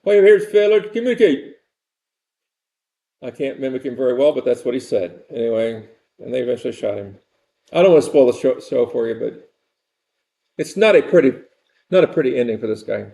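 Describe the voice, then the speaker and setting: A man's voice: mid-range voice, a little fast, creaky, warm tone. An older man giving a rambling, conversational university lecture and repeating his phrases.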